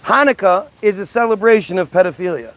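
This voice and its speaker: A man with a high, raised voice delivers an agitated livestream rant. He speaks in quick bursts, mocking and confrontational as he answers comments from his chat. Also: expressive, fairly bright tone, no room sound. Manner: combative and mocking. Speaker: live streamer.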